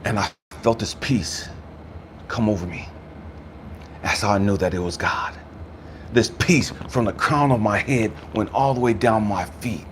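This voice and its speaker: Low-voiced man telling a personal story. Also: unhurried, long pauses, noisy background. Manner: informal, slangy, addresses listeners as family. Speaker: channel host, spiritual speaker.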